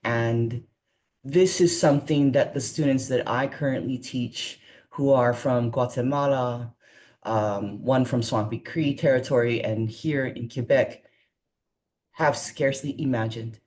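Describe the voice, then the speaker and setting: A man, a language educator, giving an earnest, measured comment in an online panel. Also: medium pitch, a little mellow.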